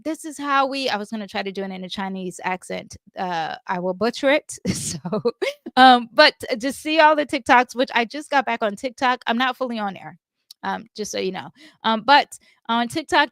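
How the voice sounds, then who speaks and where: A woman giving a casual astrology and tarot reading, chatty and animated, with many fillers and asides. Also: a little high, clean tone, no room sound, clean studio sound.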